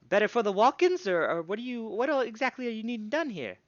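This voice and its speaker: A man's voice: high voice, sing-song, fast talker, no room sound, muffled recording, pitched above the performer's own voice. A man voicing a stout, flustered female gnome smith who stammers and repeats her words, in a tabletop game.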